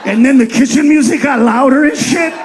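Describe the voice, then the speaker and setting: A male stand-up comedian delivers his bits in a very high, shouting voice, profane and punchy. He is heard through a handheld stage mic. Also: a little fast, some chatter behind, a little hiss or hum.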